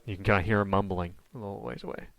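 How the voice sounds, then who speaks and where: A man's voice: low-pitched, steady tone, rapid-fire, gravelly, no echo. A man running a tabletop horror game as game master, describing scenes in a casual, rambling way with many fillers.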